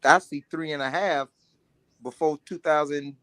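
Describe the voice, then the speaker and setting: Dude on a podcast pushing back and teasing, kinda high voice, dry mic. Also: male voice, steady tone, measured pace, a bit bright, no echo. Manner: pushy, questioning, teasing. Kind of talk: casual debate.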